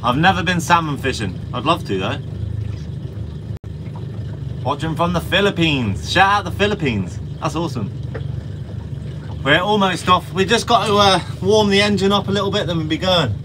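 High-voiced guy livestreaming from a fishing boat, chatty, engine rumbling loud behind. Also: animated, moderate pace, pauses often, background noise. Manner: chatty, reads out viewer comments, friendly slang. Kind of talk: casual live-stream chat with viewers. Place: outdoors on a small fishing boat. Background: boat engine and water.

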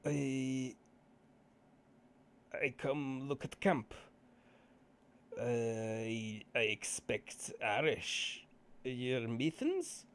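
GM doing a skittish bony stranger, halting broken speech, pitched up. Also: male voice, vocal fry, full character voice. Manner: halting, stammering, broken grammar.

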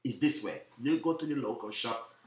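Fast-talking Jamaican man, chef live host. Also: mid-range voice, lively intonation, roomy sound, far from the mic. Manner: repetitive, keeps saying "you know what I mean"; talks fast, by his own account. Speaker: chef hosting a live cooking stream. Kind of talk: live stream chat to viewers.

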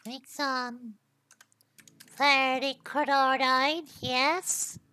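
High, bright-voiced woman streaming a game. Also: fairly even intonation, very slow, smooth, no echo. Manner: swears freely and ends lines with "yo"; thinks aloud while trying things out. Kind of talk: casual game commentary.

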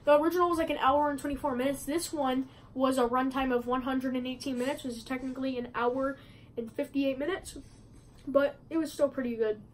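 A woman's voice: high voice, fairly even intonation, a little fast, a little hiss or hum, low-quality recording. A woman chatting casually in a movie review vlog, rambling with many fillers and restarts, filming at a friend's house. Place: a friend's house, not her usual filming spot.

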